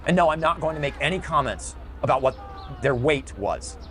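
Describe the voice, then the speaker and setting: A man's voice: a little high, expressive, fairly quick, fairly bright tone, a little hiss or hum. A middle-aged man delivering an emotional, bitter ranting monologue in a video. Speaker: video commentator.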